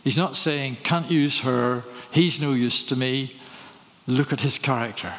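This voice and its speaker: A man's voice: mid-range voice, measured pace, a bit bright. A man preaching a sermon, telling stories and asking rhetorical questions. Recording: reverberant hall.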